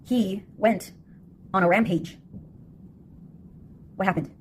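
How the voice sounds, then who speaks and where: A woman's voice: medium pitch, steady tone, slow pace, slight background noise. A woman with a sardonic, mocking manner, delivering a casual monologue.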